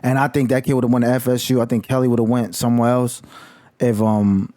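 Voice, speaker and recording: A man's voice: medium pitch, little pitch movement, fairly quick, mellow, dry recording. A man vlogging about college football in a heated, slangy rant full of swearing. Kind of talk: casual profane rant.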